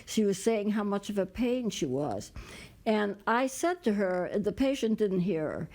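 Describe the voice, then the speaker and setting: A woman preaching a sermon in a gentle, plain-spoken way, with many pauses, fillers and restarts. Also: medium pitch, lively intonation.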